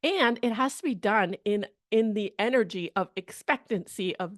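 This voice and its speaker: A woman career coach talking in a podcast monologue, energetic and chatty, often asking "okay?" and "right?". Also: mid-range voice, normal speed, few pauses, dry recording, clean studio sound. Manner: energetic, chatty, acts out quoted people, frequent "okay?" and "right?".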